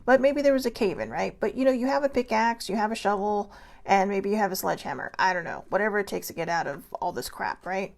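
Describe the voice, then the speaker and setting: A woman's voice: medium pitch, quick pace, vocal fry. A middle-aged woman hosting her own show, giving an earnest, rambling, self-deprecating motivational talk. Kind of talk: casual motivational monologue.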